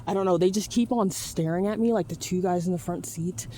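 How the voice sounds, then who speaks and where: A woman's voice: on the low side, fairly quick, warm tone, a little hiss or hum. A woman from California, rambling anxiously and swearing into her phone outdoors at night. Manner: rambling, frightened, swears a lot. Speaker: vlogger. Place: outdoors at a car wash at night. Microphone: phone held while talking.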